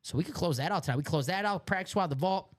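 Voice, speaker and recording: A man's voice: high voice, quick pace. A man with a Chicago accent hosting a live memorabilia break stream, upbeat and joking as he hypes items. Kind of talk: live stream sales chat.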